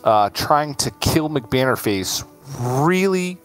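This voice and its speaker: Man, esports caster, live game commentary, excitable, very lively pitch, faint music underneath. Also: slow. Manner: animated, laughs often, excitable.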